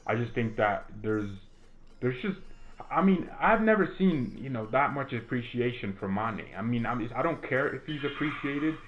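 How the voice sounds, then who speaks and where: A man's voice: mid-range voice, animated, moderate pace, fairly bright tone, lo-fi sound. A teenage boy from the United States chatting casually while he plays a video game, rambling with lots of restarts and fillers. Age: teens. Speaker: gaming streamer and fan commentator.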